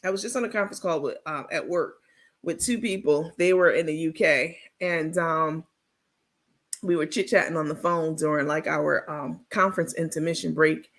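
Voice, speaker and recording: A woman's voice: deep voice, fairly even intonation, moderate pace. Sassy woman host, casual gossip commentary, blunt and profane, rambles with fillers. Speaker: host of a reality TV gossip stream.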